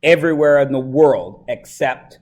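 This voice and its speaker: A man's voice: mid-range voice, normal speed, a little mellow. Chatty, joking male math teacher. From Canada. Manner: chatty and joking with the students, asks lots of questions. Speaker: high school math teacher. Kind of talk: classroom lesson. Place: classroom.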